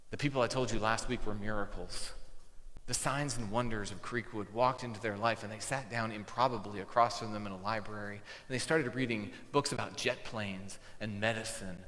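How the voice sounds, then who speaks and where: A man's voice: on the low side, a bit bright, long reverb tail. A man, a pastor preaching a sermon and telling a story in a conversational way, acting out the dialogue. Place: church sanctuary.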